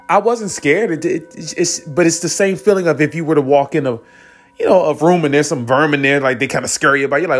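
A young man with a slightly raised pitch tells a personal spiritual story in an earnest, rambling manner, often restarting his sentences. He sounds close to tears at times. Soft music plays faintly behind him. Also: brisk. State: tearful at times. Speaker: vlogger.

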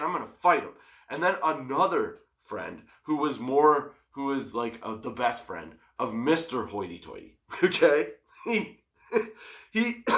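A young man casually telling a profane story, laughing often. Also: a little high. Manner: profane, laughing, animated retelling.

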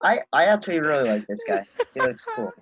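A man's voice: a little high, wildly swooping pitch, fairly quick, background noise. Laid-back young man on a dull lo-fi mic. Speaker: podcast co-host. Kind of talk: casual banter.

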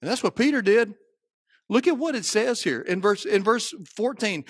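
A man with a Southern US accent preaching a sermon, moving from quiet storytelling to shouted peaks. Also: high voice, big pitch swings, normal speed, slightly rough, dry recording. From Southern United States. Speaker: pastor.

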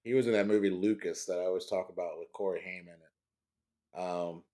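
Man, low voice, rambling, laughs a lot, casual podcast chat. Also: steady tone, normal speed, mellow. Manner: rambling, laughs often, trails off.

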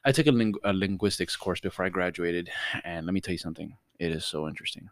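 A man in his twenties with a Miami accent, co-hosting a podcast in casual, animated chat full of laughs and fillers. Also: low voice, fast talker, dry recording. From Miami, Florida. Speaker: podcast co-host.

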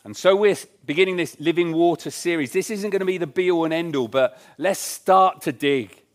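A man's voice: fairly high pitch, normal speed. A man preaching a sermon in church, earnest and emphatic, repeating his key lines. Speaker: pastor.

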